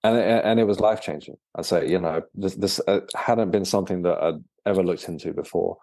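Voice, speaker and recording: A man, a guest and author, telling his story in a casual interview, halting and often repeating words. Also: low-pitched, mellow, dry recording, studio quality.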